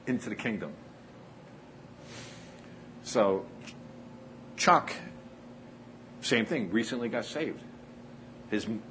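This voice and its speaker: A man preaching a sermon, telling stories earnestly with frequent pauses and acted-out dialogue. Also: lowish voice, a little hiss or hum, rough recording. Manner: earnest, pauses often, acts out quoted dialogue. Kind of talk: sermon storytelling.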